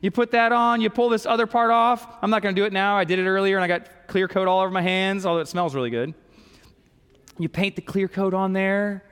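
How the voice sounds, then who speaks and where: A middle-aged man, preaching a folksy storytelling sermon that swings between lively telling and soft, hushed moments. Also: high voice, normal speed, clear, resonant tone. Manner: folksy, animated storytelling with sudden soft drops. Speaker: pastor. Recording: long hall reverb.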